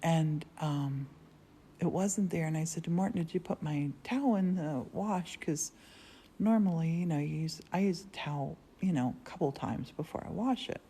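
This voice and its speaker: A woman hosting a casual live stream, telling rambling stories with frequent laughs from a quiet converted church studio. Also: sits low, normal speed, slight background noise. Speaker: livestream host. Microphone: phone livestream.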